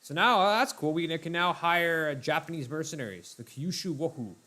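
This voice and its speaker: A man's voice: fairly high pitch, a little fast. Laid-back man narrating his strategy game. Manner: chatty, laid-back, addresses viewers as ladies and gentlemen. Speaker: let's play host. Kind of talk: casual gameplay commentary.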